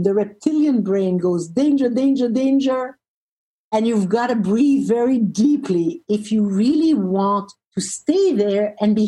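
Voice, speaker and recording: A relationship therapist, a woman, tells a story as an interview guest, speaking expressively and slowing down for emphasis. Her voice is medium-pitched and husky, and the audio quality is poor.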